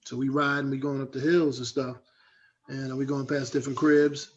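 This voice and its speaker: A middle-aged man, a guest rapper, telling animated, slangy stories in a casual interview and acting out other people's voices. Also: mid-range voice, a little fast. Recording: dull lo-fi sound.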